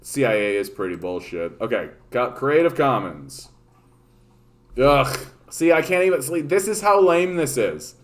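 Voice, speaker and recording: A man's voice: medium pitch, expressive, a little slow. A man from Canada hosting a casual political livestream, ranting sarcastically and profanely, with many stumbles and restarts.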